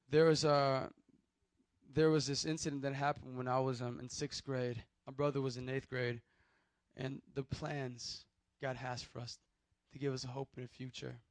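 A young man with a mid-range voice preaches a sermon and shares his personal testimony, recorded dry. He tells it loosely and conversationally, restarting sentences and acting out quotes.

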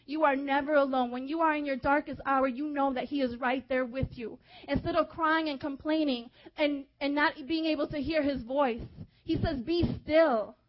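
A young woman preaching a fervent sermon, urging her listeners and dropping to a hushed tone at times. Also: high voice, steady tone, moderate pace, hardly any pauses, highs cut off. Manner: fervent, exhorting, with hushed softer stretches.

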